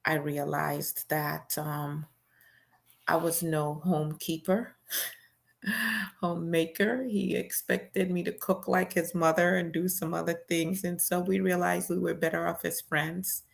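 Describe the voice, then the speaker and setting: Low, gravelly woman reading a memoir. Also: steady tone, a little slow. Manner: plain, conversational storytelling with fillers. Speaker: host reading a memoir aloud. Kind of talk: first-person memoir reading.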